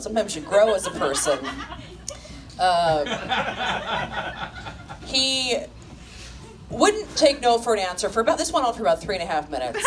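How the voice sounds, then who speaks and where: Animated woman telling a story on stage. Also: a little high, very noisy. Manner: animated, profane, laughing storyteller. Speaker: comedian. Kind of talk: live stand-up storytelling. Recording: live show with loud audience laughter. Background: audience laughing.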